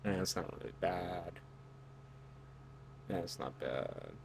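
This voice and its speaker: A man's voice: sits low, lively intonation, slow pace, vocal fry, a little hiss or hum. A man giving reaction commentary on song lyrics, incredulous and lecturing, with loose fillers and restarts. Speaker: online commentator.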